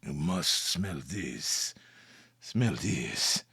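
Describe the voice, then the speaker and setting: A man's voice: extremely low pitch, big pitch swings, extremely slow, creaky, a bit bright, breathy edge, no echo, pitched below the performer's own voice, exaggerated voice. A man putting on a hammy ex-clown candle seller. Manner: theatrical, shifting put-on accent. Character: eccentric male street candle seller, former clown.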